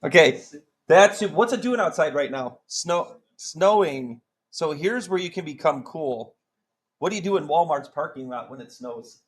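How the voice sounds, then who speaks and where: A man's voice: a little high, lively intonation, measured pace, poor audio. A man teaching a math class, joking around and quizzing students with countdowns. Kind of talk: classroom lesson.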